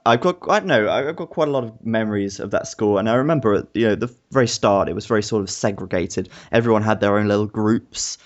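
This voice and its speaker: A man's voice: lowish voice, fast talker, few pauses. A young man from England co-hosting a podcast, chatting in a reflective, easygoing way and laughing often. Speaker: podcast co-host. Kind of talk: casual chat. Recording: muffled lo-fi audio.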